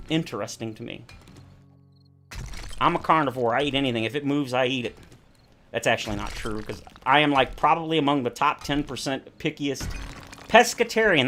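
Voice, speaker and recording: A man's voice: medium pitch, fairly bright tone. A man streaming a survival game, chatting casually in rambling, self-correcting tangents. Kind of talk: casual chat while playing a survival game.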